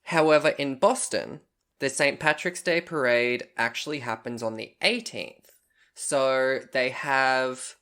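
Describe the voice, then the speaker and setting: A man with a bright, tense edge to his voice tells a long story as a podcast co-host. He is chatty and loose, swears casually and slips into the voices of the people he quotes, at a middling pitch. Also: creaky.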